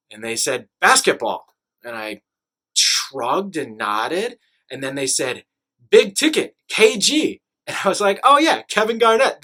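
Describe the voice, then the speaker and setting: Chatty young man with a bright voice. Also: mid-range voice. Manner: animated, chatty, many fillers. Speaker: teacher telling travel stories. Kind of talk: casual storytelling to camera.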